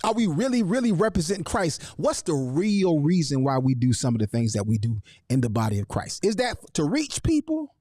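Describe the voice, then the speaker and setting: Animated sing-song male live-stream host. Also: a little high, a little fast, hardly any pauses, no room sound, clean studio sound. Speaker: host of a live online show. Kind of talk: live-stream talk with viewer shout-outs.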